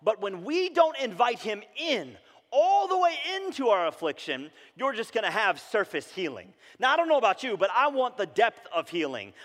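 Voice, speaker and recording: A man in his thirties preaching a sermon in a church, in an animated, conversational style that swings from loud to hushed. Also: high voice. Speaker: pastor. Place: church sanctuary. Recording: reverberant church hall.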